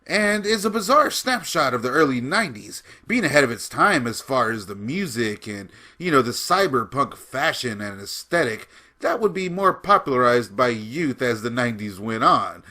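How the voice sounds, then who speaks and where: A man's voice: medium pitch, lively intonation, moderate pace, pushed and bright. A man giving casual film commentary with enthusiasm, often laughing as he talks. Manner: enthusiastic, laughs while talking.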